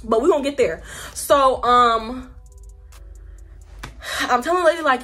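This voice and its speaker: A young woman spins a storytime vlog with lively, slangy delivery and acts out the people in it. Her voice sits a little high, bright and forceful, with a husky edge. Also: normal speed, pauses often, soft background music. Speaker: vlogger.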